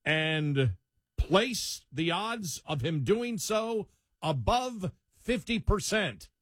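A man's voice: high-pitched, expressive, extremely slow, fairly bright tone, no room sound, clean studio sound. A man with a Buffalo accent hosting a talk radio show in casual chat.

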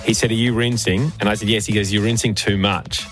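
A man's voice: on the low side, steady tone, quick pace, a bit bright, soft background music. A man co-hosting a casual chat, telling stories and acting out what others said. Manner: storytelling, quoting others in put-on voices. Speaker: podcast co-host.

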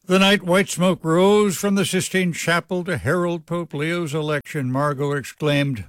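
A man's voice: a little high, steady tone, measured pace, hardly any pauses, a bit bright, no room sound. A male radio news host reading a scripted essay with wry, affectionate storytelling. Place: dry radio studio. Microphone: studio microphone.

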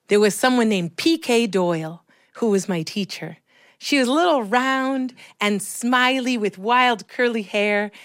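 A woman from Chicago telling a personal childhood story in an expressive, animated way. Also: mid-range voice, dry recording, clean studio sound. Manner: expressive, animated, acts out voices.

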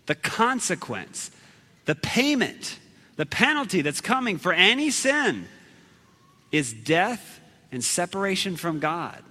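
A man telling a story as a sermon in an animated way, acting out shouted lines and laughing at himself. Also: high voice, slow, big-room sound. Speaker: preacher.

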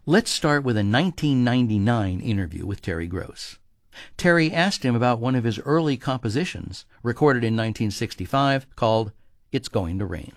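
Lively radio host introducing a segment. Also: male voice, mid-range voice, dry recording, studio quality. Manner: clear, measured announcing.

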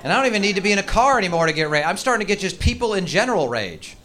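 A man's voice: sits high, big pitch swings, very fast, some chatter behind. Profane ranting stand-up comedian, man. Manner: profane, exaggerated ranting with sudden shouted outbursts. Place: comedy stage before a live audience.

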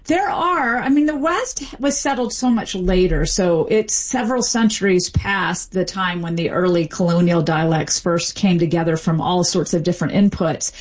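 A woman, calmly explaining speech patterns as an interview guest. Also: fairly low pitch. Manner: measured, explanatory, occasional hedging fillers. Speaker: dialect expert guest.

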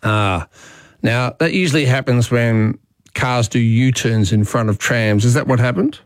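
A man's voice: mid-range voice, a little slow, dry recording. A man with an Australian accent hosting talkback radio, chatting in a conversational way and thinking aloud with fillers.

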